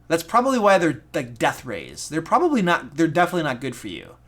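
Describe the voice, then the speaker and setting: A man from Michigan with a Michigan accent, hosting a casual live stream as a dungeon master, excitable, goofy and self-deprecating. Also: a little high, fast. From Michigan, USA. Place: home room.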